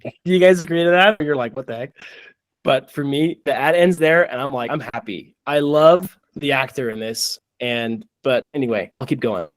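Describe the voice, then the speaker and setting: A man's voice: mid-range voice, normal speed, dry recording. Chatty man hosting an ad-review podcast. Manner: rambling, animated, many restarts and acted-out quotes. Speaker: podcast host reviewing ads. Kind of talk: casual chat.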